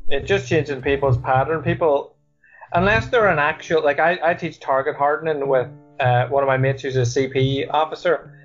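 A man's voice: fairly high pitch, normal speed, lo-fi sound, faint music behind. A man with a Northern Irish accent, a guest coach, explaining things earnestly in a casual interview. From Northern Ireland.

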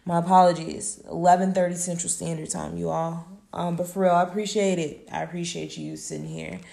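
A woman with a low, gravelly voice hosts her own podcast, talking alone to her listeners. Her delivery is relaxed and blunt, with casual swearing mixed into warm encouragement. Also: a little fast. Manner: laid-back, profane, affirming. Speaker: podcast host. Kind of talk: casual solo podcast wrap-up.

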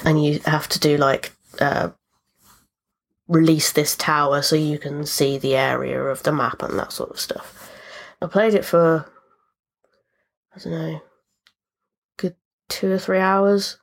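A woman's voice: low-pitched, unhurried, long pauses. A woman hosting a podcast, chatting casually and rambling about the video games she has been playing. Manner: chatty, rambling with fillers and asides. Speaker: podcast host.

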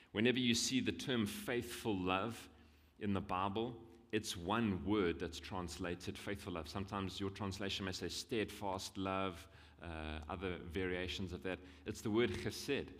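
Guest preacher, male, South African accent, lower voice, conversational sermon with emphatic repeats, long church-hall echo.

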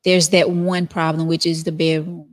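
A woman's voice: low voice, little pitch movement, moderate pace. A woman co-hosting a casual chat, giving frank, laid-back advice. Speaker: podcast co-host giving advice.

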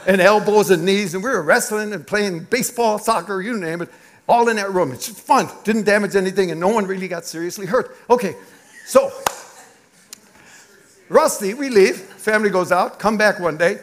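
A middle-aged man, a pastor, preaching a sermon through an animated, confessional personal story. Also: sits high, normal speed.

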